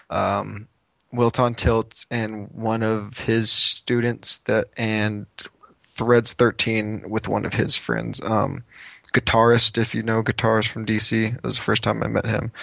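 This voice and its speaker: A man chatting on a podcast in an easygoing, meandering manner, pausing often with little hesitations. The audio is dull and lo-fi, dry and close with no echo. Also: lowish voice, creaky, a bit bright. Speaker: podcast co-host. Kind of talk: casual chat.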